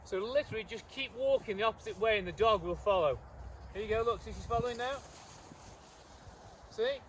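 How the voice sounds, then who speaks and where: High-voiced man training a dog outdoors. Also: brisk, far from the mic, slight background noise. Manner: chatty, repeats words, gives commands to the dog. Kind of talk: casual training demonstration. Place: outdoors in a cold field, moving around.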